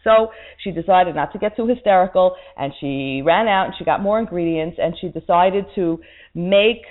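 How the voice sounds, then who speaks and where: Expressive woman telling a sermon story. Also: on the low side, normal speed. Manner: expressive, swings from soft to loud. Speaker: religious speaker. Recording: tinny phone-like line.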